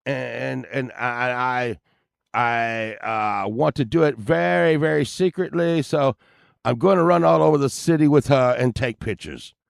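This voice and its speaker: A man putting on the voice of a pompous, posh British aristocrat, delivered in a stumbling, halting mock-posh manner. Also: mid-range voice, vocal fry, smooth, no room sound, studio quality. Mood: smug.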